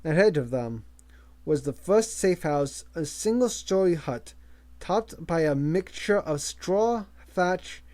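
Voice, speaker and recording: Slow, measured male audiobook reader. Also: a little high, expressive, a little mellow. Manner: slow, measured reading with small slips. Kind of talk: amateur audiobook narration.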